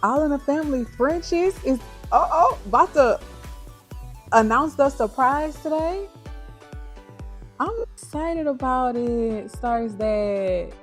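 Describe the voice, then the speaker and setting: Slow-talking woman livestream host. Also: high-pitched, animated. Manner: chatty, upbeat, motivational, keeps checking in with viewers. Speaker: livestream host and dog breeder. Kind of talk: casual livestream chat. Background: soft background music.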